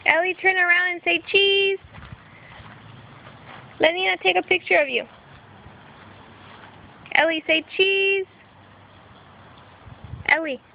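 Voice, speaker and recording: A woman's voice: very high voice, steady tone, moderate pace, creaky, long pauses, slight background noise. A woman filming on a phone, coaxing and encouraging a toddler in sing-song baby talk. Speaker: parent or caregiver filming a toddler. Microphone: phone camera. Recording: dull lo-fi phone recording.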